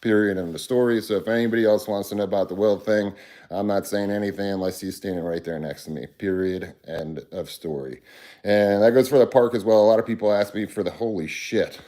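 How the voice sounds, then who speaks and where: A man's voice: lowish voice, fast talker, mellow. A man hosting a casual livestream, talking bluntly and earnestly to his viewers and rambling through restarts. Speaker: livestream host.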